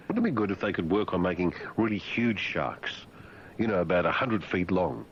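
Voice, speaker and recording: A man's voice: sits low, very animated, normal speed, muffled recording, a little hiss or hum. A man hosting talk radio, teasing and mock-condescending as he bantered with guests and callers. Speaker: radio host.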